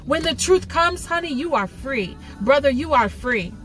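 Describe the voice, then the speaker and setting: A woman speaks to camera in a passionate devotional talk. Her voice sits high and bright. She pleads and repeats herself for emphasis, with soft music in the background. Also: lively intonation, moderate pace. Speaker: Christian video teacher.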